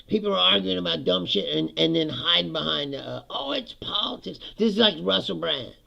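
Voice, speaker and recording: A man's voice: fairly high pitch, normal speed, gravelly, dull audio. A man hosting his own podcast, ranting casually about politics, swearing freely and laughing often between lines. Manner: profane, laughs often, animated. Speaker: podcast host. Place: home basement studio.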